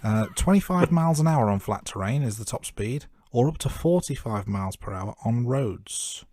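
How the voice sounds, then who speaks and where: A man's voice: medium pitch, lively intonation, normal speed, a little mellow, no room sound, studio quality. A man co-hosting a film podcast, chatting casually and joking at his own remarks. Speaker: podcast co-host. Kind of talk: casual film-review chat.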